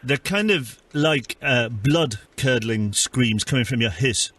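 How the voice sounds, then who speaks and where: A man's voice: mid-range voice, expressive, slow, a bit bright, breathy edge, dry recording, heavily acted. A man voicing a fussy neighbourhood watch man with a put-on South African accent on a prank call, stammering and repeating himself. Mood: insistent. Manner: hesitant, stammering. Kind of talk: prank phone call role-play.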